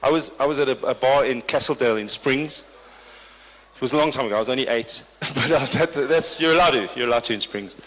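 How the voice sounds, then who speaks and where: A mid-range, fairly bright male voice rattles along fast as the comedian-MC of a corporate party. His live crowd work is dry teasing, captured with the long reverb of a large hall.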